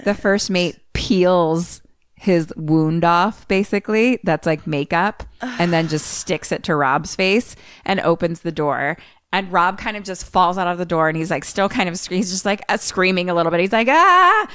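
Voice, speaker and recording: A woman's voice: lowish voice, moderate pace, smooth, dry recording. A woman co-hosting a podcast, telling a movie plot in casual chat and acting out the characters' lines with swearing. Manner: animated retelling with acted-out quotes and swearing. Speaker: podcast co-host.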